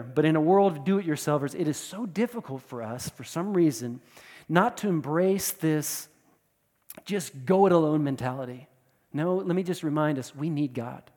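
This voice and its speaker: Guy preaching a sermon, kinda high voice, gets loud then quiet, echoey church hall. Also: lively intonation, normal speed. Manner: emphatic preaching, repeats words, swells and drops in volume. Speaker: pastor.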